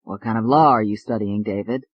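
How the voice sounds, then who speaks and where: A narrator voicing a brisk, gruff older male doctor who talks bluntly. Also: medium pitch, dry recording, muffled recording, pitched below the performer's own voice, natural voice. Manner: curt, blunt.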